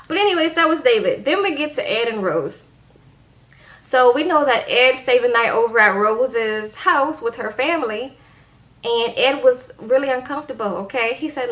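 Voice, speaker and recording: Woman, sassy chatty recap, slightly high voice, playful asides, acts out quotes softly. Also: animated, moderate pace. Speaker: reality TV recap vlogger. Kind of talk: casual recap commentary.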